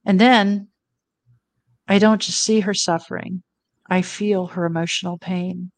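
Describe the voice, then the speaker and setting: A woman's voice: on the low side, fairly even intonation, a little slow, creaky, long pauses, dry recording. A middle-aged woman telling a personal story as an interview guest, earnest and reflective. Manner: earnest, reflective, quotes her own thoughts.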